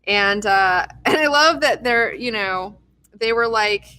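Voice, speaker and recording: A young woman casually recapping a TV episode, swearing freely, excitable and acting out characters' lines. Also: fairly high pitch, slow, clear, resonant tone. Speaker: TV recap host.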